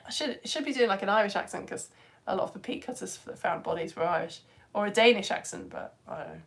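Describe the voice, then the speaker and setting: A woman and mother, chatting excitedly to her live-stream audience as she reads out their comments. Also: fast, gravelly. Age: adult parent. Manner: excitable, chatty, with big swings in pitch and loudness. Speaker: live-stream educator reading chat comments.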